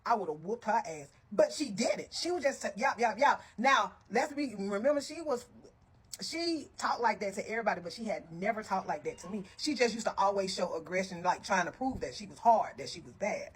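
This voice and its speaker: A woman telling a story to her viewers in a casual, animated and blunt way, heavy on profanity, with frequent asides to her listeners. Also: medium pitch, brisk, husky.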